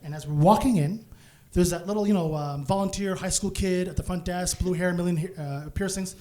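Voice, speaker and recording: High-voiced, animated male stand-up comic. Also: a little fast. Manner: animated, acts out voices, bursts into shouts. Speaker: stand-up comedian. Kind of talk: live stand-up storytelling. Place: comedy stage before a live audience.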